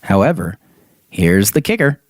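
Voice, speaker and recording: A man's voice: lowish voice, big pitch swings, unhurried, no echo. A man co-hosting a podcast, reading a dream story aloud in casual chat and laughing often. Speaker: podcast co-host.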